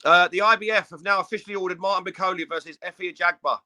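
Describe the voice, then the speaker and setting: A man's voice: high-pitched, fairly even intonation, fast, bright, forceful tone. A man co-hosting a casual boxing podcast, sounding fed up, stammering and swearing. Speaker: podcast co-host.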